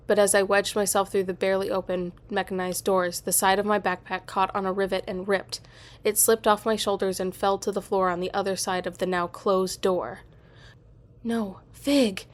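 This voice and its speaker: A woman reading a first-person story aloud in a steady, expressive storytelling manner. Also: mid-range voice. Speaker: storyteller and author.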